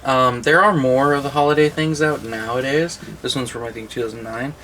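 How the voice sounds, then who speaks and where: A man's voice: medium pitch, fairly even intonation, a little fast, a bit bright, a little hiss or hum, low-quality recording. A man co-hosting a casual movie collection chat, telling long rambling stories and laughing at his own jokes. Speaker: co-host of a movie collection show.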